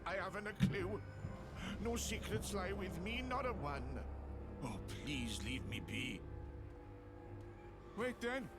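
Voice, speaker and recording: A man's voice: high-pitched, sing-song, slow pace, long pauses, a bit bright, faint music behind, full character voice. An actor playing a timid, frail old man in a video game, pleading in a quavering voice.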